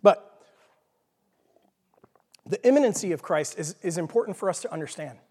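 A man's voice: sits high, animated, quick pace, warm tone, husky. A man with a Texan accent preaching a casual, jokey teaching sermon, often checking in with his listeners by asking "okay?". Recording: long reverb of a large hall.

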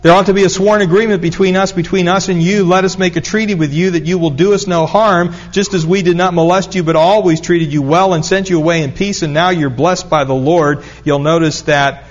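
A man's voice: high-pitched, fairly even intonation, fairly quick, few pauses. A middle-aged man preaching a sermon, telling stories and building up to emphatic repetition. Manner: storytelling, rising to emphatic repetition. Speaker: pastor. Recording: dull lo-fi recording.

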